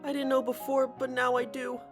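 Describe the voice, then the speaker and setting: A man doing a tearful timid young woman, very high. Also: monotone, normal speed, music in the background. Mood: tearful, apologetic. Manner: soft apologetic, sniffling.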